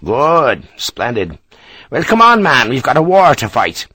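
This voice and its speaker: A man doing a brisk Irish army captain. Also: mid-range voice, breathy edge, dry recording, exaggerated voice. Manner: brisk, energetic, emphatic. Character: middle-aged male Irish engineer captain, ebullient.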